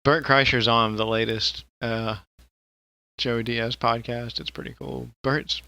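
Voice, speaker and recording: A man with a gravelly, tense edge to his voice, talking loosely on a podcast. He rambles and swears, often breaking into laughter. The sound is dry and close. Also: medium pitch, flat delivery, slow pace, sharp tone, no echo. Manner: rambling and profane, with frequent laughter. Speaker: podcast co-host. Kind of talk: casual podcast chat.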